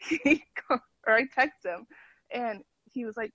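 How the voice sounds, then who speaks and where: A woman's voice: a little high, lively intonation, slow, pauses often, a bit bright, breathy edge, dry recording, dull audio. A woman guest on a podcast, chatting casually and laughing often as she tells a story over a call. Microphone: phone call.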